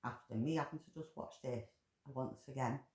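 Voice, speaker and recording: A woman's voice: very deep voice, normal speed, a little mellow. A woman ranting in angry commentary, full of swearing and emotional outbursts. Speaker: vlogger commentator. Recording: echoey room.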